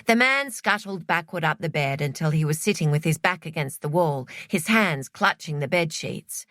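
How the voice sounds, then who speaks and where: A woman reading scripted narration for an audiobook in a measured storytelling manner. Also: sits low, lively intonation, fairly bright tone, no echo, clean studio sound.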